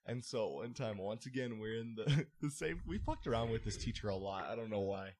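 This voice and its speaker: A man's voice: fairly low pitch, fairly quick. A young man, a podcast co-host, telling a school story in casual chat, acting out voices and laughing often. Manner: animated storyteller, acts out voices loudly, laughs a lot.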